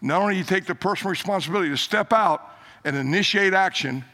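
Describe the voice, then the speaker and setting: An older man preaching a sermon, telling a story with emphatic rises and hushed low quotes. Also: fast talker. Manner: animated, emphatic, drops low for quoted lines.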